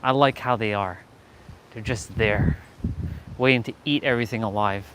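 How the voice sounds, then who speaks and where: A man's voice: lowish voice, normal speed, fairly bright tone, slight background noise. A man with a Southern American accent chatting casually on a live stream, playful and rambling, answering his viewers and laughing often.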